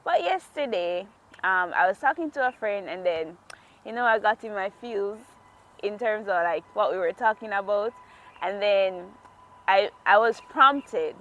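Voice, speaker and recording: A woman's voice: medium pitch, expressive, a little slow, fairly bright tone, highs cut off. A woman vlogger telling a personal faith story in a casual, heartfelt way, laughing often as she talks outdoors. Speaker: devotional vlogger. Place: outdoors in a quiet natural area.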